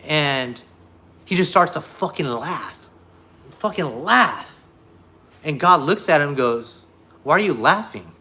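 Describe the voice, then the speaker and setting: A man with a bright, forceful voice chats casually with his viewers. He rambles through a story, swearing often and stumbling over filler words. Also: on the high side, animated, slow, long pauses. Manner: profane, rambling, full of fillers. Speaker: streamer talking to viewers. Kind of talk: casual chat and joke telling.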